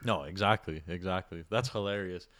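A male podcast host from Montreal speaks at a middle pitch. His voice is recorded very dry and close. He keeps the talk relaxed, agreeing with his guests and steering them back to their stories. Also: brisk, dry recording. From Montreal, Canada. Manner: easygoing, agreeable, steers the conversation. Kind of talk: casual podcast chat.

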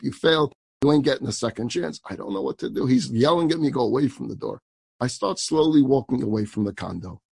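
A rabbi telling a story from the pulpit in a slightly husky, fairly high voice. He acts out every exchange with lively energy, and the sound is dry and close. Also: dry recording. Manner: animated storyteller who acts out dialogue, laughs while telling. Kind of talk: storytelling sermon.

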